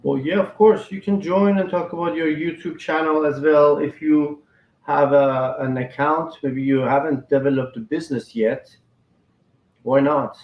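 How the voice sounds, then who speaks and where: A man's voice: fairly high pitch, steady tone, measured pace. A man hosting a live stream, inviting viewers to join and talk. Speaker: host. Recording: echoey, muffled stream audio.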